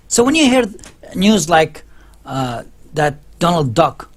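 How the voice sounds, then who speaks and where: Husky, rambling man vlogging. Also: a little high, very animated, a little slow. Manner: rambling, emphatic, with many restarts and laughs. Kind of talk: casual opinion vlog.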